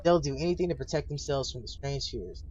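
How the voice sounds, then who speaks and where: A man voicing a weary, guarded, blind old lighthouse keeper who tells his story in a halting, solemn way, recorded on dull lo-fi stream audio. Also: mid-range voice, animated, darkish tone, slight background noise, natural voice.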